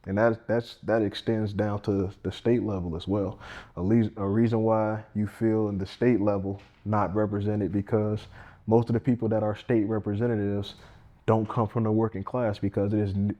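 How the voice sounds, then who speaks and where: A man with a warm, lowish voice, a firefighter campaigning for Congress, chats plainly and earnestly in an informal interview, often breaking off to begin his sentences again.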